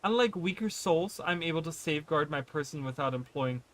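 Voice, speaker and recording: A man's voice: on the high side, expressive, brisk, natural voice. A man voicing a haughty, rude male wanderer who talks in fancy words, reading the lines aloud and stumbling on long words.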